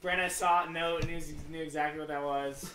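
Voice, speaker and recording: A teenage man in casual chat, soft-spoken and mostly agreeing. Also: on the high side, steady tone, a little fast, slight background noise. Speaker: co-host. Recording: echoey room.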